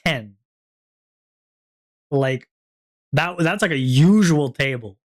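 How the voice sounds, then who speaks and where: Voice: medium pitch, expressive, slow. Giggly, rambling streamer. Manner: rambling, giggly, lots of fillers. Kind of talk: casual stream chat.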